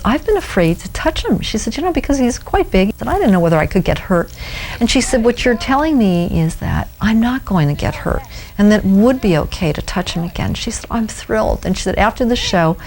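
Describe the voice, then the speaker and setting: Mid-pitched woman, animal communicator, animated anecdotes. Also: slight background noise. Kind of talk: documentary interview storytelling.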